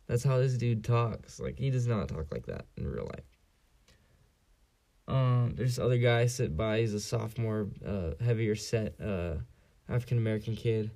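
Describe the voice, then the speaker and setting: Young man from San Diego hosting a solo podcast: low, mellow voice, rambling and profane. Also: moderate pace, vocal fry. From San Diego area, US. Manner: rambling, profane, frequent fillers. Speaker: podcast host. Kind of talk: casual solo podcast rant.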